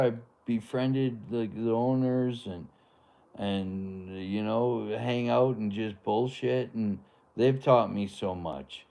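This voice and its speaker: A man's voice: mid-range voice, slow pace, warm tone. A man hosting a live stream, talking in a rambling, laid-back way with lots of fillers. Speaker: livestream host. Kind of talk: casual live-stream chat.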